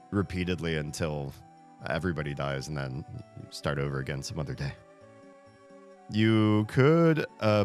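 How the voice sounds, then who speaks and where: A male streamer with a very deep voice talks casually to his viewers. He rambles and leans on filler words as he goes. Quiet music plays softly in the background. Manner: rambling and chatty, full of "like" fillers. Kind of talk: casual live-stream chat.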